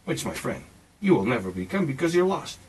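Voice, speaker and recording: A man's voice: medium pitch, big pitch swings, brisk, a little hiss or hum, poor audio. A man in his forties in a casual, rambling monologue, swearing often and talking emphatically as he philosophizes, calling the listener "man". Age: 40s. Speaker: speaker sharing personal views.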